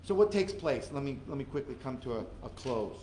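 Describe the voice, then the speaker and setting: A man's voice: mid-range voice, expressive, fairly quick, warm tone, reverberant, slight background noise, rough recording. A male pastor giving a conversational, earnest sermon in a church, repeating phrases for emphasis. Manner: earnest conversational preaching with repetitions.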